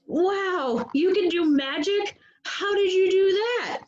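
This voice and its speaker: A woman's voice: sits high, big pitch swings, takes it slowly, dull audio, slight background noise, full character voice. A woman voicing an eager young boy in a storybook read-aloud, exclaiming as she goes. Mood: excited. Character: cheerful young boy, excitable then flustered.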